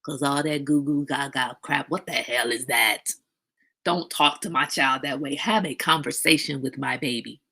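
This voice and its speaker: A middle-aged woman hosting a casual livestream talk, outspoken and animated, now and then slipping into a high sing-song voice. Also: moderate pace, vocal fry. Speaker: host.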